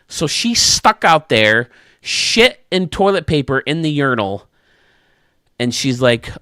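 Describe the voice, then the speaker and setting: A man's voice: medium pitch, unhurried, no echo, studio quality. A man who hosts a gaming channel, telling a funny anecdote casually to his viewers and chuckling as he goes. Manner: animated, chuckling anecdote-teller. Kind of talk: casual storytelling to camera.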